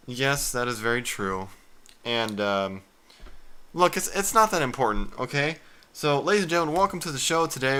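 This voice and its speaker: A man's voice: mid-range voice, bright, forceful tone. A man hosting a comedy podcast, bickering and trading sarcastic insults. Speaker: podcast host.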